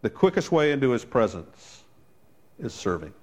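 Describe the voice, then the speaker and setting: A man's voice: mid-range voice, very animated, moderate pace. Man preaching a chatty storytelling sermon. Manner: conversational storytelling, wry asides. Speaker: pastor.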